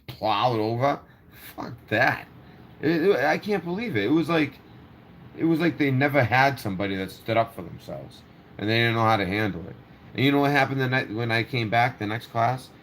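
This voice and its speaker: A man hosting his own channel, telling a story in a heated, profane rant full of quoted dialogue. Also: medium pitch. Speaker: channel host. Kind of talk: angry monologue rant.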